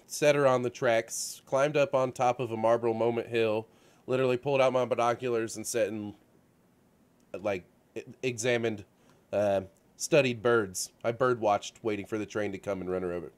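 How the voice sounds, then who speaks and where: Man, casual chat host, rambling storyteller, animated, filler-heavy. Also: medium pitch, moderate pace. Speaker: show host. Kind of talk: casual chat about video games. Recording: radio-show studio setup.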